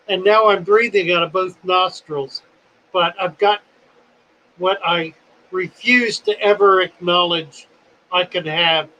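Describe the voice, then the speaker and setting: Brief: phlegmy man in his seventies, folksy rambling host, bright tone, unhurried. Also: high voice, poor audio. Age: 70s. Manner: folksy, rambling, self-deprecating. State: phlegmy, coughing. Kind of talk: casual livestream chat.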